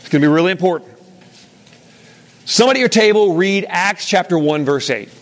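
Man teaching a group Bible study, high gravelly voice, casual and full of questions. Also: a little fast. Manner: conversational, asks the room questions. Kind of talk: interactive Bible lesson.

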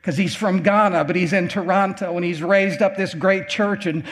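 A man's voice: sits high, steady tone, moderate pace. An older man preaching a testimony sermon in a folksy storytelling way, acting out the voices of the people in his story. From American Midwest.

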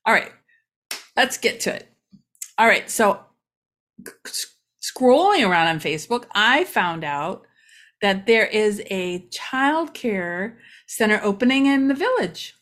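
A woman's voice: medium pitch, big pitch swings, takes it slowly, pauses often, fairly bright tone. A woman from Ohio hosting a casual local-news vlog, chatty and rambling with many asides. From Ohio, USA. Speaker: local community vlogger.

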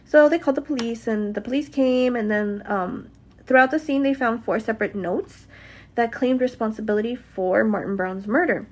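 A young woman with a somewhat high voice, casually retelling a true crime case from home. She talks in a chatty, loose way, swears freely and spells words out letter by letter. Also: moderate pace, a little mellow. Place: home with dogs nearby.

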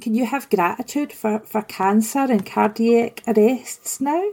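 A woman's voice: a little high, unhurried, warm tone. A woman hosting a conversation, reflective, asking probing questions and sharing her own experience. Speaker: host. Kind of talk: conversational interview.

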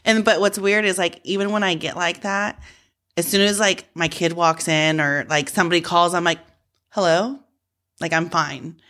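A woman's voice: fairly low pitch, fairly even intonation, normal speed, sharp tone. A woman co-hosting a podcast from home, a mother, talking in a reflective and supportive way in casual chat. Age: adult with children. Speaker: podcast co-host.

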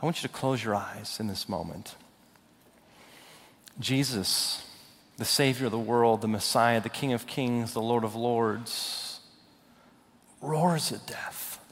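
A young adult man preaching a sermon, swinging from loud, rising declarations to hushed, slow intensity. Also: mid-range voice. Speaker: pastor. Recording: long hall reverb.

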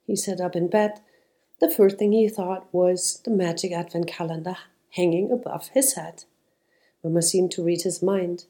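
A woman reading a children's storybook aloud in a calm, even storytelling manner. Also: fairly low pitch, normal speed. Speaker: narrator.

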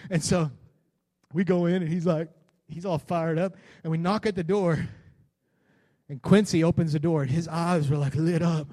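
Pastor telling a story from the pulpit. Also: male voice, on the high side, steady tone, normal speed, mellow. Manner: conversational, building to fervent preaching. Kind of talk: sermon with personal storytelling.

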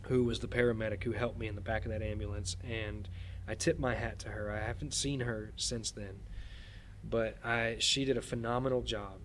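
Halting, earnest male podcast guest. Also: on the low side, steady tone, a bit bright, slight background noise. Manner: halting, repeats words and restarts while recounting; earnest, shaken retelling. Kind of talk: casual storytelling.

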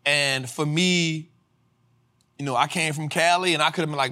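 Energetic, fiery man preaching money lessons. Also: fairly high pitch, moderate pace. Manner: preacher-like cadence, rising to shouts; casual slang, addresses audience as y'all. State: tired after a flight. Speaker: financial education host. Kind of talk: motivational livestream teaching.

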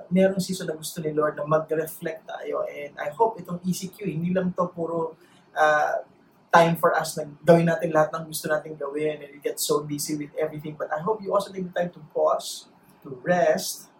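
Filipino preacher, roomy echo. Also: male voice, a little high. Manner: switches between Tagalog and English, measured with deliberate pauses. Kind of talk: sermon. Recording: roomy echo, faint noise.

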